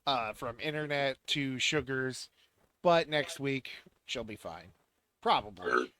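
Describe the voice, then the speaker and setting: Slow-talking bright-voiced man game master. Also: medium pitch, big pitch swings. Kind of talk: casual chat running a tabletop game.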